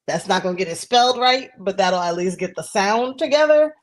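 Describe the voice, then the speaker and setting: A woman's voice: medium pitch, animated, a little fast. Chatty laughing woman co-host on a phone. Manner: laughs often, chatty and supportive. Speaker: podcast co-host. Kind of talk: casual podcast chat. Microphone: cell phone.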